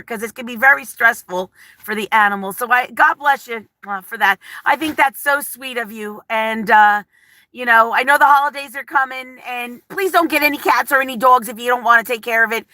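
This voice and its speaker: Chatty woman streamer, nervous and emotional, rambles between viewer comments; bright edge to the voice. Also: a little high, no echo. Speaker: livestream vlogger. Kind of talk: casual live-chat talk.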